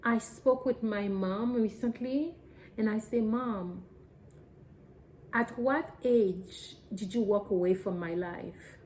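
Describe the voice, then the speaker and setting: Woman, young mom, personal vlog; warm, soft tone, heartfelt and emotional, plain loose phrasing. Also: medium pitch, slow pace, slight background noise, low-quality recording. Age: adult parent of young children. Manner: earnest and emotional, speaks in simple, loosely structured English. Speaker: mother sharing a personal story.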